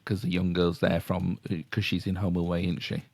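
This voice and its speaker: A man's voice: deep voice, monotone, normal speed, creaky, dry recording. A middle-aged man with a Yorkshire accent, co-hosting a casual podcast chat and explaining ideas in a rambling, self-interrupting way with chuckles. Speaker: podcast co-host.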